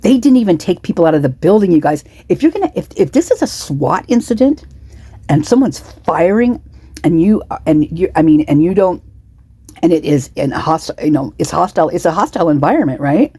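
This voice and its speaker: Indignant, rambling woman, dark and husky. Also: low-pitched, animated, fairly quick, no room sound. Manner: indignant, repetitive, many restarts and asides. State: has the hiccups. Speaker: true-crime commentary vlogger. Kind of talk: casual rambling commentary.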